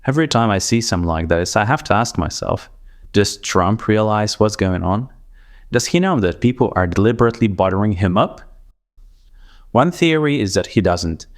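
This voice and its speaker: A man with a Russian accent, a native Russian speaker, giving scripted commentary narration in a dry, measured, sarcastic way. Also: lowish voice, lively intonation. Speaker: commentary video host.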